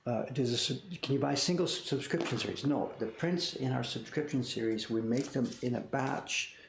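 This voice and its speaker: Gravelly older man in an echoey room. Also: mid-range voice, moderate pace. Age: 60s. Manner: rambling, answers viewer questions, apologetic. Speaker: print shop owner and livestream host. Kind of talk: casual livestream chat. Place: workshop. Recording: echoey room, faint noise.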